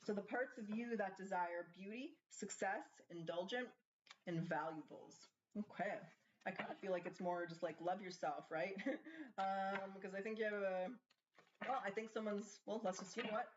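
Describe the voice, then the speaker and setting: Chatting and thinking out loud, a woman asks the cards questions during a relaxed tarot reading. She speaks at normal speed in a medium pitch, and the dull lo-fi recording carries a little hiss or hum.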